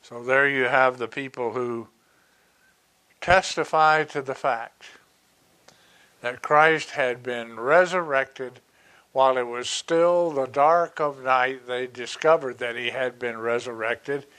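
A man preaching a sermon, reading Bible verses and explaining them with slow, deliberate asides. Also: medium pitch, bright, forceful tone.

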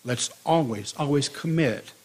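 A man preaching a sermon to his congregation, telling a parable in a lively storytelling manner. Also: a little slow. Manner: storytelling with lively swings in pitch and loudness.

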